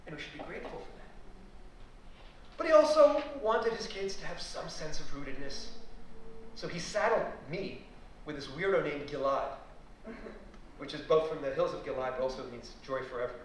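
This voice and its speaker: A middle-aged man from the United States with a New York accent, giving an animated storytelling talk to an audience as a guest historian. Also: on the high side, normal speed, long pauses, slight background noise. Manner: animated, storytelling with rising emphatic peaks. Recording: very echoey room, speaker far from mic.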